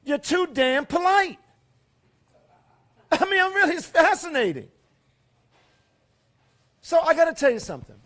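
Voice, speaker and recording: High-voiced man giving a fiery rally speech. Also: sing-song, measured pace, long pauses. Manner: fiery and preachy, hammering rhetorical questions, swinging between loud and hushed. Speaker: rally speaker. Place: fairgrounds event.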